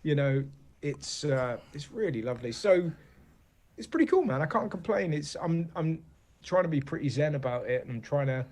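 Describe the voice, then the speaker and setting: An English comedian chatting as a guest in an interview, telling animated anecdotes and often asking "you know what I mean?". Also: male voice, a little high, moderate pace. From England. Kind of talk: casual interview chat.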